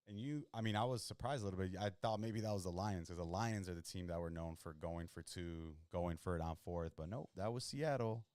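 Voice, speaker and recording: A man talks through a football game live, jumping between nervous worry and hype. His voice sits low and comes across smooth. The mic sounds dry, with no room behind it. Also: a little fast, hardly any pauses, dry recording. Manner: excitable, chatty, jumps between worry and hype. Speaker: host of a live sports watch stream. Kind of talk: casual live reactions while watching football.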